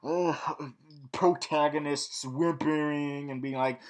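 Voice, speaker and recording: A man's voice: on the high side, unhurried, darkish tone. A young man in a villain persona, rambling through a casual, snarky TV recap full of fillers and restarts. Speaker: vlog host recapping a TV show.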